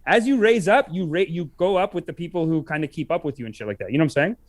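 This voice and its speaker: A man co-hosts a podcast in loose, jokey banter and laughs often. His voice sits high and moves through a very lively pitch range. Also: rapid-fire. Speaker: podcast co-host. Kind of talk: casual chat.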